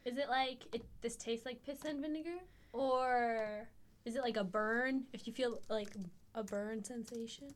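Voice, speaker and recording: A woman's voice: a little high, steady tone, a little slow. A young woman co-hosting a casual podcast, playful and teasing, repeating funny words and asking silly questions. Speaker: podcast co-host. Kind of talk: casual chat.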